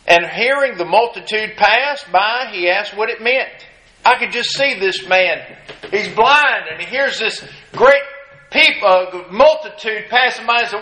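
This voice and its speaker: Emphatic high-voiced male preacher. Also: expressive, a little slow, pushed and bright. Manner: emphatic, reads scripture in old-fashioned phrasing. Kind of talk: sermon. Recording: echoey room.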